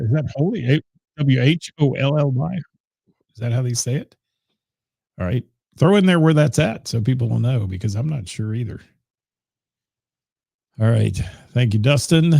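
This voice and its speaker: A man's voice: medium pitch, gravelly, mellow, breathy edge, no room sound, studio quality. A man hosting a casual live online radio show, rambling with lots of fillers and greeting commenters by name. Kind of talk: casual live-stream chat. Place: home studio.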